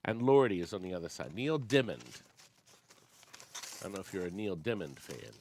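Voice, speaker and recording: Hosting a casual program for an amusement sales company, a sixty-something man reads out vintage record labels and hums bits of tunes. He has a deep, sing-song voice with a darkish tone at normal speed, over slight background noise.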